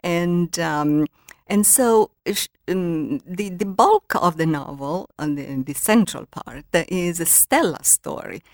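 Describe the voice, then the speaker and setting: An older woman from Italy with an Italian accent, a guest author who talks haltingly with many ums and reads from her novel. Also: on the low side, expressive, dry recording, clean studio sound. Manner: hesitant, many ums and uhs. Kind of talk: interview, reading from her novel.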